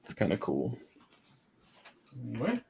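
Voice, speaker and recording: A man's voice: fairly low pitch, wildly swooping pitch, unhurried, vocal fry, a little mellow, slightly rough. A man chatting casually as a guest over a video call, rambling enthusiastically with many restarts. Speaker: guest collector. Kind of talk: casual chat.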